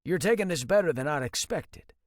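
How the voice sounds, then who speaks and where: A man's voice: on the high side, animated, a little fast, no room sound, studio quality, pitched above the performer's own voice, lightly acted. A male audiobook narrator voicing a worried middle-aged father who explains things in an earnest, level way. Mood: reproachful.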